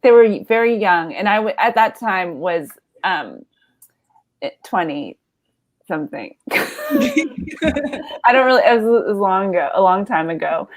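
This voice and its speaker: A woman's voice: medium pitch, very animated, measured pace, long pauses. A woman in her thirties telling a comedy story, rambling and self-deprecating with lots of fillers and laughs.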